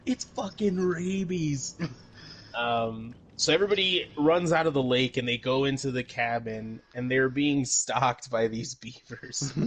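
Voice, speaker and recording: A man's voice: mid-range voice, unhurried, fairly bright tone. Rambling, laughing man recapping a movie. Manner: rambling with many fillers, swearing and laughing. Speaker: podcast co-host. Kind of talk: casual chat, recapping a movie.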